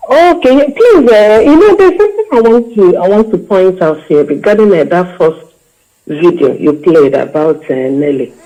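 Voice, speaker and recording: Hesitant female caller, lively up-and-down delivery. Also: lowish voice, normal speed, poor audio. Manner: hesitant, stops to check she is heard. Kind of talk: call-in comment.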